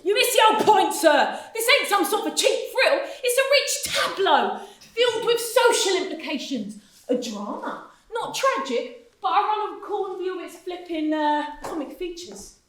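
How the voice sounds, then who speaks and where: A woman playing a fast-talking dockside hustler. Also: very high voice, expressive, fairly bright tone, far from the mic, slight background noise. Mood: wheedling. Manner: wheedling, salesman patter, mock-respectful. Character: hustling male street performer who fakes drowning. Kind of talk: amateur stage acting. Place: drama class room. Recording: echoey room, actors off-mic.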